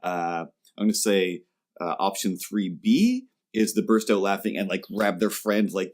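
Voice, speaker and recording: Deep-voiced man telling a comic story. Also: unhurried. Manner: animated, acts out quoted customers in jumpy voices. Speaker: podcast host. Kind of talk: comedic storytelling chat.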